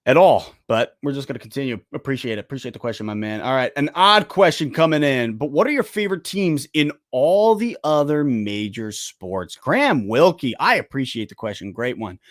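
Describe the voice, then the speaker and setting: A young man hosting a live sports stream, chatting casually and excitably while answering viewer questions. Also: fairly high pitch, dry recording, studio quality. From United States. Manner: casual, excitable, talks to chat directly. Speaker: sports channel host.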